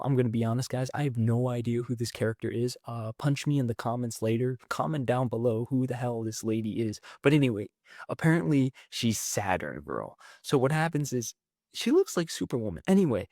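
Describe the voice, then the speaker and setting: Excitable man recapping a comic, dry sound. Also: mid-range voice, fairly quick, no echo. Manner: excitable, rambling, quotes characters with "he's like". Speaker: comics recap channel host. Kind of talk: casual comic book recap.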